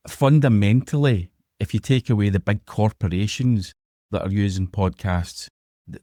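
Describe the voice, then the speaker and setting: A Glaswegian man with a lowish, mellow voice, talking in a relaxed, conversational way as a podcast guest. He recalls things in a loose storytelling manner. The recording is close and dry. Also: no room sound. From Scotland. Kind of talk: podcast interview.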